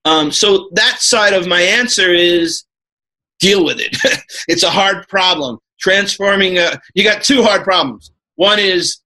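A man's voice: sits high, unhurried, sharp tone, low-quality recording. A man from New York, a podcast guest, talking in a rambling, casual way with lots of fillers and laughing asides.

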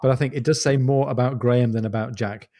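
A man co-hosts a relaxed book podcast, reading passages aloud and savouring the wording. His voice is warm and mellow. He talks at a middling pitch. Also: fast talker. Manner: enthusiastic, relishing the text. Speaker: podcast co-host. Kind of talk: casual book discussion with read-aloud passages.

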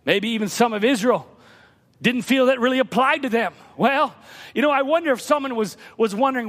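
A man preaching a fervent sermon, shouting at times and dropping to hushed low tones. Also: a little fast. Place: church. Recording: long reverb of a church hall.

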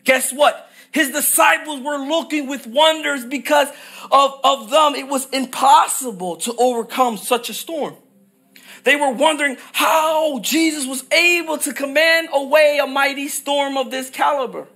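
Male pastor with a high, bright voice. Delivers the sermon in a repetitive cadence and builds to shouts on scripture. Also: a little slow. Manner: emphatic, repetitive preaching cadence; rises to shouted peaks on scripture.

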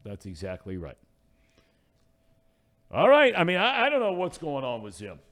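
An American man hosting a casual sports talk show, joking and excitable, with frequent restarts. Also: fairly high pitch, moderate pace. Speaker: sports radio host.

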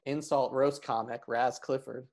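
A man's voice: mid-range voice, fairly even intonation, unhurried, darkish tone. A man hosting a podcast interview in a casual, joking way. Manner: joking, teasing. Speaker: podcast host.

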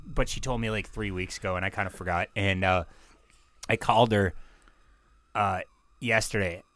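Dude cohosting a podcast, cursing a lot, rambly stories, dry close sound. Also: male voice, fairly low pitch, fairly even intonation, moderate pace, fairly bright tone, no echo. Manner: profane, rambling storyteller. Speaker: podcast co-host. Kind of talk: casual chat.

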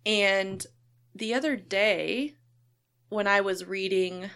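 An American woman in her thirties telling an animated story in casual chat, laughing often. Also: mid-range voice, takes it slowly, clean tone.

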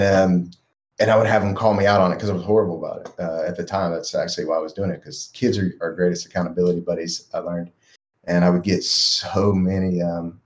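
A man, a life coach guest on a podcast, talking earnestly about raising his kids. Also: deep voice. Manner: earnest, reflective, soft-spoken asides. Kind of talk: casual interview.

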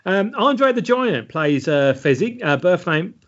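A man's voice: high-pitched, sing-song, measured pace. Dry-toned man, podcast co-host. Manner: reads out film facts, dry and matter-of-fact. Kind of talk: casual film podcast chat. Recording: dull lo-fi sound.

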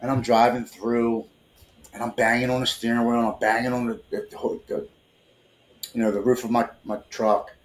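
A man's voice: mid-range voice, level tone, normal speed. A man in his forties, a podcast guest, telling a personal story earnestly and emotionally, often repeating words as he starts sentences. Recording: roomy echo.

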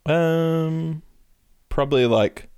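A man's voice: fairly high pitch, very slow, a little mellow, clear, resonant tone, no echo. A man chatting casually as a podcast guest, rambling through his answers and laughing between them.

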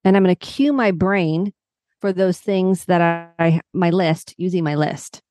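A woman's voice: fairly low pitch, measured pace, mellow, no room sound, clean studio sound. A middle-aged woman psychotherapist explaining coping steps as a podcast guest, walking through everyday examples. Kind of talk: podcast interview.

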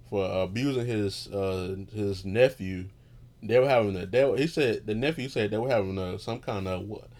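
A man with a fairly low voice talks off the cuff, drifting from one tangent to the next and peppering his speech with profanity. He sounds relaxed and unscripted, as if chatting to friends while lying in bed at home. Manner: loose, profane, meandering, loses his train of thought. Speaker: podcast host. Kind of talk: casual rambling monologue.

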